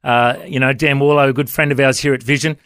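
A man's voice: medium pitch, steady tone, fast, fairly bright tone, smooth, dry recording, clean studio sound. A man in his forties with an Australian accent, hosting a casual radio chat in a friendly, affirming way. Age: 40s. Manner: friendly, affirming, with many "mate"s. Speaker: radio host.

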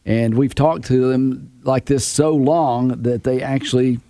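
A man's voice: medium pitch, fairly even intonation, unhurried, dark tone, no room sound, studio quality. A man co-hosting a radio talk show, reading out news items and teasing his co-hosts in casual chat.

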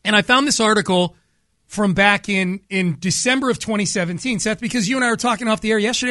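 Man, sports talk host, chatty, joking, bright high voice, dry studio sound. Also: brisk, no echo.

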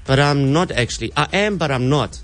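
A man's voice: on the high side, lively intonation, a little fast, soft background music. A man hosting a radio prank bit, playfully explaining the setup. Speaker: radio prank caller host. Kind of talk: casual radio banter.

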